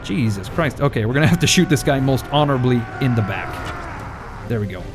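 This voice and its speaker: A man's voice: medium pitch, animated, brisk, music in the background. A man giving casual let's play commentary as a gaming channel host, joking with wry asides and chuckles.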